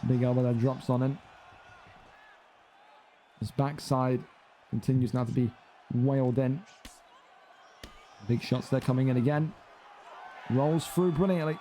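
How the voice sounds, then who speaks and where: A young man doing play-by-play commentary on a fight game, excitable and climbing high and loud on big moments. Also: normal speed, pauses often, slight background noise.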